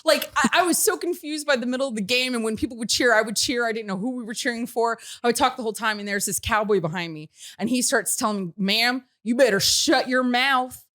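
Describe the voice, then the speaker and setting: A woman hosting a studio podcast, telling a story with laughter and loud shouted quotes. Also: fairly high pitch, fast, hardly any pauses. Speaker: show host. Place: radio studio.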